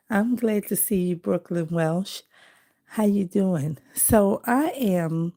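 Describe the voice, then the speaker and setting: A woman hosting a casual livestream, chatting with viewers in a relaxed, rambling way while she collages. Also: fairly low pitch, gravelly. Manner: chatty and rambling, greeting viewers, many fillers. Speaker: livestream host. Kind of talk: casual live-stream chat while collaging.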